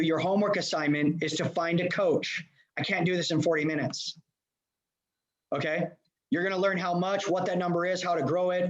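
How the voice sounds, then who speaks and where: A man from Los Angeles giving an energetic motivational seminar talk as a leadership coach, speaking directly to his audience. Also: high voice. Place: remote presentation to a live room. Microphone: video call.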